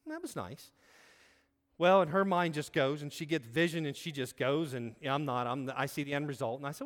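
This preacher's voice sits fairly high and moves fast, with a touch of brightness. Earnest and conversational, he relates a personal story in his sermon, frequently starting over, while a large hall adds long reverb.

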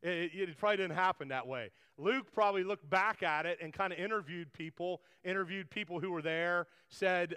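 A man's voice: high-pitched, a little fast, few pauses, pushed and bright, clear, resonant tone. A man preaching a conversational sermon, rambling with frequent restarts and asides. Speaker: pastor. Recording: long hall reverb.

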